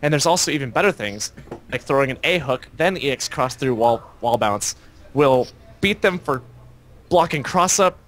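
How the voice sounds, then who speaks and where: A man's voice: mid-range voice, lively intonation, normal speed, a bit bright. A man co-hosting a casual gaming podcast, explaining fighting game tactics in detail. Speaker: podcast co-host.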